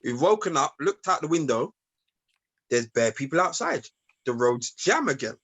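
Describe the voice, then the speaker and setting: A man's voice: a little high, expressive, normal speed, fairly bright tone. A man co-hosting a casual podcast, telling a story and repeating his points as he goes. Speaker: podcast co-host. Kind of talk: casual chat.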